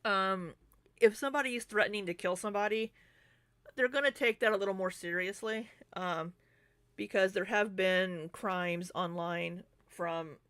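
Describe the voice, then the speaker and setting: A woman's voice: fairly low pitch, a bit bright, no room sound. A young adult woman talking through drama in a casual, rambling vlog, full of ums and asides. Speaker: commentary YouTuber.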